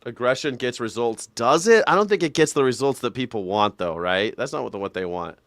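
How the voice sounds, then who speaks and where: A man's voice: medium pitch, expressive, fairly quick, fairly bright tone, no echo. Profane male host in a sarcastic rant, dry close sound. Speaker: live show host. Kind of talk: ranting reaction commentary.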